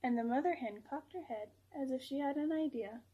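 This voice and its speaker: Female storytime reader, high and airy, picture-book read-aloud. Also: brisk, warm tone, husky. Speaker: children's librarian reading aloud.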